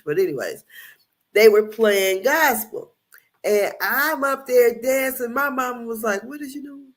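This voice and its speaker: A woman's voice: on the high side, fairly bright tone. A middle-aged woman from Indiana hosting a casual recap show, chatty and rambling, often laughing as she tells stories. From Indiana, USA. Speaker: podcast host. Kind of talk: casual commentary.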